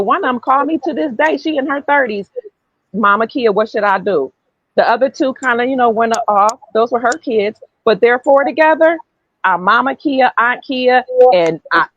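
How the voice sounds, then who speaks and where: A woman's voice: on the high side, fairly bright tone, lo-fi sound. A woman hosting a podcast, telling a personal story in an earnest, casual way and often repeating herself. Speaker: podcast host.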